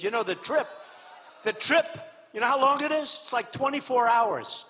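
A man's voice: extremely high pitch, lively intonation, normal speed. A man giving an off-the-cuff campaign speech to a rally, rambling, boastful and repetitive, on a podium microphone in a large hall. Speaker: political candidate addressing a rally. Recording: dull hall recording with long reverb.

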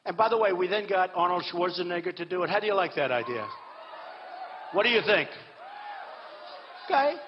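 Male candidate, higher register, rambling boastful rally speech; dull audio, faint hiss, long hall reverb. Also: animated, a little fast, pauses often. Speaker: political candidate addressing a rally. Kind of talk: off-the-cuff campaign speech. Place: large hall with an audience.

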